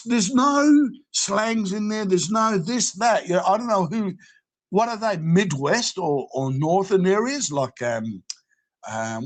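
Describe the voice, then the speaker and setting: A man with an Australian accent, a guest in a casual panel chat, rambling and laughing often. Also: high voice.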